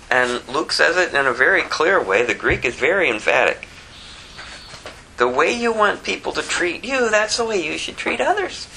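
A woman preaching a sermon with emphatic rhetorical questions and wide swings in pitch. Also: pushed and bright, a little hiss or hum, rough recording.

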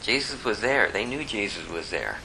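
A man's voice: on the low side, expressive, moderate pace, vocal fry, background noise. A man preaching a sermon, reading scripture and asking the congregation rhetorical questions in a conversational way. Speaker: pastor.

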